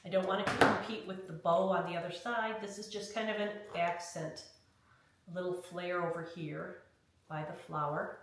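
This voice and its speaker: A craft instructor with a lowish voice and steady tone leads a hands-on tutorial at normal speed. She chats her way through each step, often checking in with "okay?" The room is very echoey, the mic sits far away, and there's faint noise.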